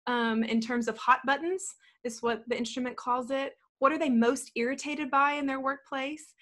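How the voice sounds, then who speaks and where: A woman's voice: a little high, fairly bright tone. A woman in her thirties talking earnestly on a panel, telling a personal story with many filler words. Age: 30s. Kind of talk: panel talk.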